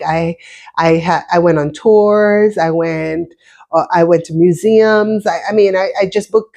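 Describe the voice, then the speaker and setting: With a deep, slightly mellow voice, a vlogger in her fifties chats casually with viewers and tells her personal story in a Jamaican-American accent. She often restarts and repeats words.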